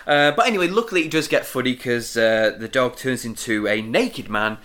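A man's voice: mid-range voice, lively intonation, moderate pace, fairly bright tone. A man co-hosting a podcast, recapping a sitcom episode in casual chat with sardonic, swearing asides. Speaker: podcast co-host.

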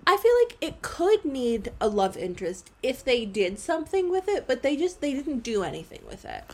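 A woman's voice: high voice, big pitch swings, normal speed. A woman co-hosting a podcast, chatting casually and laughing often. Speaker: podcast co-host. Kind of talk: casual chat.

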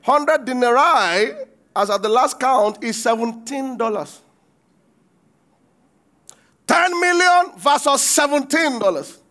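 A man preaching with a strikingly high voice for a male speaker. He reads scripture aloud and keeps stopping to fire questions at the congregation, acting out the quoted lines with bursts of shouting. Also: slow, pauses often. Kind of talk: sermon with call-and-response.

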